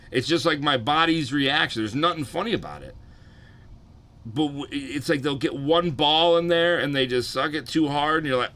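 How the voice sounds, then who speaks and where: A young adult man chatting casually and profanely on a live stream, rambling and tired, keeping his energy low. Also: animated, a little slow, long pauses, bright, forceful tone.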